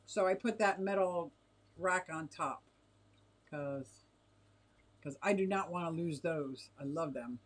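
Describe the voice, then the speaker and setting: A woman's voice: sits low, slow, long pauses. A middle-aged woman hosting a casual livestream from her home, chatting and giggling as she reacts to viewer comments. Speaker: livestream host reading chat. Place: home fish room with tanks.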